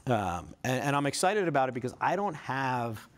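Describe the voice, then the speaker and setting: A man's voice: medium pitch, big pitch swings, normal speed. A man in his thirties giving a casual, conversational talk to law students, often checking in with tag questions and joking at his own expense. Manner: conversational, self-deprecating, frequent tag questions. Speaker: career fest speaker.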